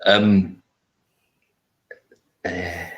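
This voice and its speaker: A man's voice: sits low, flat delivery, extremely slow, lo-fi sound. A Glaswegian man co-hosting a podcast in casual chat, dry and teasing. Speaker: podcast co-host.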